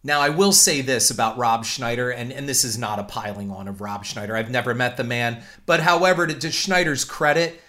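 Bright-voiced man telling a story. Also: medium pitch, fairly quick, few pauses. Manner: animated, repeats words while talking. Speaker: podcast host. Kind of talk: storytelling commentary.

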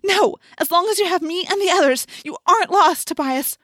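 A woman's voice: very high voice, brisk, fairly bright tone, no echo, studio quality, voice pushed up. A woman reading an audiobook voices an earnest teenage girl who pleads urgently with a friend. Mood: urgent pleading. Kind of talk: audiobook character voice.

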